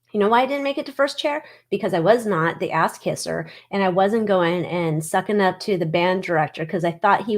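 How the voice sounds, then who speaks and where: A woman hosting a casual livestream, chatting bluntly and reading viewer comments. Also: medium pitch. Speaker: livestream host.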